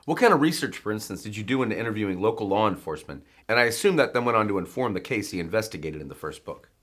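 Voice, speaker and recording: Quick, lively low-voiced host. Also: male voice. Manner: reads a long, detailed prepared question. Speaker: interviewer and host. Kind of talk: interview question.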